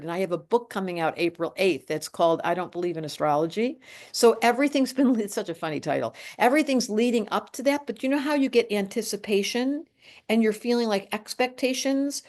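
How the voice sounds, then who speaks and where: A woman in her late sixties, an astrologer, talks in a casual chat with an animated, emphatic delivery. Her voice is a little high, and she often breaks off and restarts her sentences.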